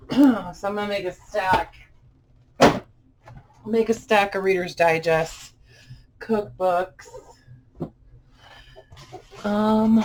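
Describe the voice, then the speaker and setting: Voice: mid-range voice, background noise. A vlogger chatting casually while unboxing old books, rambling and full of fillers. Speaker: vlogger showing book finds.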